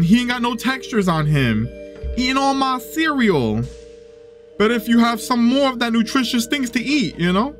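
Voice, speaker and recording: Young male gaming host, high lively voice, excitable and chatty, home desk mic, soft game music underneath. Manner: excitable, coos and gasps, chatty asides. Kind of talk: let's play commentary.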